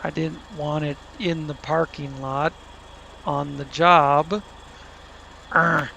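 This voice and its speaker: A man's voice: on the high side, level tone, slow pace, vocal fry, a little hiss or hum. A man giving wry, casual commentary over a driving game, muttering to himself and talking back at the screen. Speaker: gaming commentator. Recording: loud truck engine game audio.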